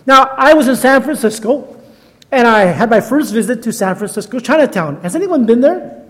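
A man's voice: very high voice, animated, normal speed, in a large hall. A man in his sixties, a guest preacher, telling stories in a chatty, self-deprecating sermon. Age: 60s. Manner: chatty, self-deprecating, laughs at own jokes. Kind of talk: storytelling sermon.

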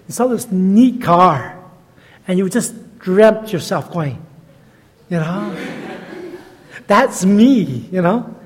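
Older male guest preacher, 60s, high voice, chatty storyteller who pokes fun at himself, long hall echo. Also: expressive, slow pace, pauses often. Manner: chatty, self-deprecating, laughs at own jokes. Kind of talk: storytelling sermon.

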